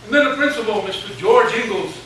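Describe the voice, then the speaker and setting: A retired teacher in his seventies gives a speech to students, telling a funny, folksy story with some mild swearing. His high-pitched voice is fast, pushed and bright. He's recorded from far off in an echoey large hall with an audience and background noise.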